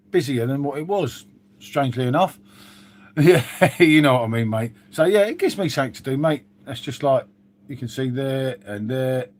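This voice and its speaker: A man chatting casually on a live stream, reading out viewer comments with lots of "mate" and "um". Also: mid-range voice.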